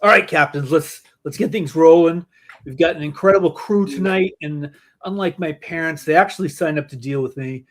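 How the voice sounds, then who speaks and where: A man's voice: on the high side, moderate pace. A man hosting a podcast in casual chat, telling a joking story with many restarts. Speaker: podcast host.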